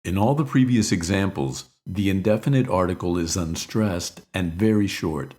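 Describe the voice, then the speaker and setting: American male pronunciation teacher, very low voice, clear measured delivery, repeats examples slowly. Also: darkish tone. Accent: American English. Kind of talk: scripted pronunciation lesson.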